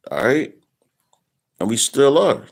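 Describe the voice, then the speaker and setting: A man giving a casual, rambling Bible talk in street slang, slowing down to read scripture aloud. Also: medium pitch, big pitch swings, creaky. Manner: loose, rambling, slangy, reads scripture slowly. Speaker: preacher.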